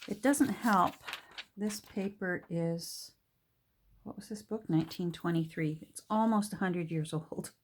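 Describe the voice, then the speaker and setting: A Canadian woman with a low-leaning voice speaks a little slowly, musing aloud to herself as she works on a junk journal craft project. The chat is casual, with slight background noise.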